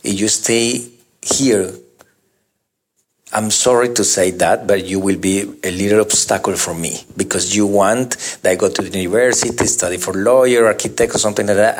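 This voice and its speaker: A man telling his life story in an interview, speaking halting, broken English full of restarts and acting out the people he talks about. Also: fairly low pitch. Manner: lively, acts out the voices of people in his stories.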